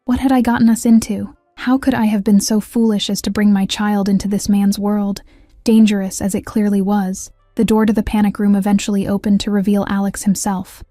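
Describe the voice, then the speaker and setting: A woman reading first-person audiobook narration in an even, measured way. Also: mid-range voice, dry recording, studio quality, faint music behind.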